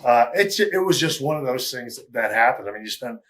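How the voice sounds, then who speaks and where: A man's voice: mid-range voice, lively intonation, fairly quick, a bit bright. Candid rambling man telling old stories. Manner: rambling and candid, with chuckles and fillers. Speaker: interview guest. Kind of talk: casual storytelling interview.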